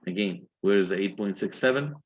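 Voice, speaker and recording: A man's voice: deep voice, lively intonation, brisk, highs cut off. A man with an Egyptian accent giving a university engineering lecture, explaining step by step and often checking that students follow.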